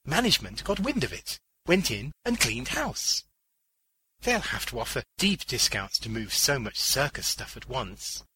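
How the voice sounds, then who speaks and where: A man's voice: medium pitch, very animated, a little slow, pushed and bright, a little hiss or hum, pitched above the performer's own voice. A man voicing a cynical old man who explains things in a matter-of-fact, knowing way.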